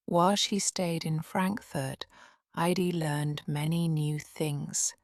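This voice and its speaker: A woman narrating a storybook audiobook slowly and softly, often in a near whisper. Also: low-pitched, fairly even intonation, gravelly, no room sound, clean studio sound. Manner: slow, soft, often whispered.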